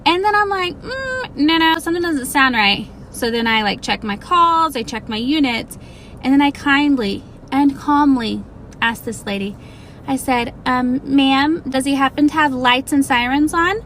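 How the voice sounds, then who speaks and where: A woman's voice: high-pitched, moderate pace, a bit bright, a little hiss or hum. A woman emergency dispatcher recounting a call with exasperated sarcasm. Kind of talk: casual storytime to camera.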